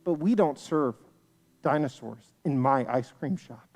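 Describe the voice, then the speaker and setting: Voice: medium pitch, expressive, measured pace, a little mellow, long reverb tail, pitched below the performer's own voice. A storyteller voicing the man behind an ice cream counter in a children's story. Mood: apologetic. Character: friendly then refusing ice cream shop man.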